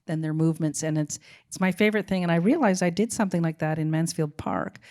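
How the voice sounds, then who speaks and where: Woman, middle-aged, fairly low pitch, halting speech, casual interview. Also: dark tone. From Canada. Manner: halting, full of restarts and laughs, musing. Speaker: film director, guest.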